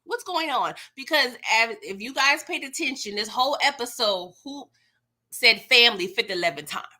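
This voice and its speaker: A young woman hosts a live TV recap stream and chats casually with her viewers. Her voice is bright, forceful and a little high. She talks in a loose, slangy way and laughs often. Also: lively intonation, normal speed.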